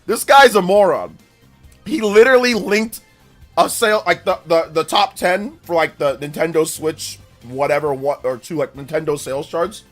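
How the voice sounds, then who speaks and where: A man hosting a live stream, chatting in an animated, mocking way with quick bursts of speech. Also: a little high, faint music behind. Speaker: streamer host. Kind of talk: live stream commentary chat.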